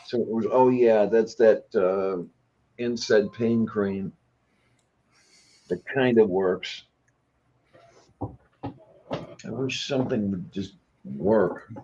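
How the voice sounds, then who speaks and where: A man's voice: fairly low pitch, drawn-out words, long pauses, dark tone, breathy edge, dull audio. A man in casual chat who talks in a musing way and mutters to himself. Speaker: podcast co-host.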